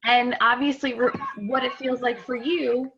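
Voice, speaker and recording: A woman's voice: a little high, steady tone, unhurried, gravelly, fairly bright tone, a little hiss or hum. A woman presenting an online workshop over a video call, talking with energy, with fillers and restarts. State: out of breath. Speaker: webinar presenter. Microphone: computer mic on a video call. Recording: muffled video call audio.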